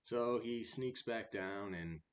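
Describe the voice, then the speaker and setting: A man reading a verse fable aloud, then retelling it in a relaxed, chatty way. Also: lowish voice, slow pace. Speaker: storyteller.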